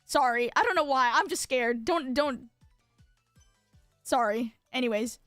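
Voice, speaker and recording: Bubbly high-voiced young woman streamer. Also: a little slow, a bit bright, no room sound, clean studio sound, soft background music. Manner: bubbly, lots of filler words, jumps between topics. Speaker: VTuber streamer. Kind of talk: casual live-stream chat.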